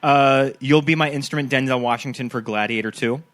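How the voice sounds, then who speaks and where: Male podcast host, casual chat, animated delivery. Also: mid-range voice, brisk.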